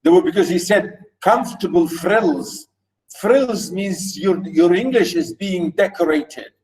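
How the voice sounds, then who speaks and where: A man's voice: high voice, a little slow, darkish tone, poor audio. A man teaching a literature lesson, explaining a passage by restating points again and again with emphasis. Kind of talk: recorded literature lecture.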